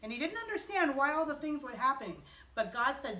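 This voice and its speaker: Animated woman telling a kids' Bible story. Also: high-pitched, brisk. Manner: animated, asks children questions. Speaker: children's chapel teacher. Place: chapel. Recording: echoey room from far off.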